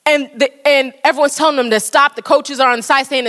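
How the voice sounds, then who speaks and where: A woman's voice: sits high, steady tone, fast talker, hardly any pauses, fairly bright tone, big-room sound. A woman preaching a sermon with fervent, repetitive exhortation.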